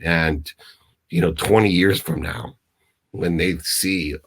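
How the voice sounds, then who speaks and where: A man's voice: deep voice, measured pace, gravelly, a bit bright, husky. A middle-aged man speaking as a guest mentor, telling stories emphatically with many restarts and sounding choked up. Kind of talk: motivational interview talk.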